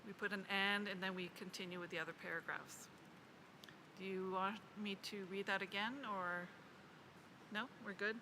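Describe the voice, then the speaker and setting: A woman delivering a formal, measured statement as a national delegate at a committee meeting, reading proposed text slowly. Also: mid-range voice, fairly even intonation, background noise. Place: large conference hall.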